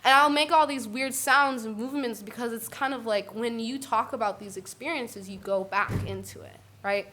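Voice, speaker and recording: A woman speaking on a panel discussion, animated and often checking in with "right?". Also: a little high, normal speed, few pauses, slight background noise. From Puerto Rican family. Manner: animated, tags points with "right?".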